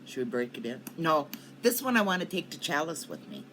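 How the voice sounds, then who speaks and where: A woman's voice: deep voice, wildly swooping pitch, fairly quick, fairly bright tone, slight background noise. An older woman chatting casually to her viewers in a rambling way, coughing often. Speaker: cannabis vlogger. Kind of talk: casual chat to camera. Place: at home in Colorado.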